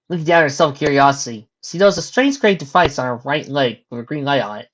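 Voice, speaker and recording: A reader narrating a fan story in a plain middle-pitched voice, dropping casual asides between passages. The recording is muffled and lo-fi. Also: lively intonation, fast, few pauses, fairly bright tone. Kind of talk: reading a fan story aloud. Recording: dull lo-fi recording.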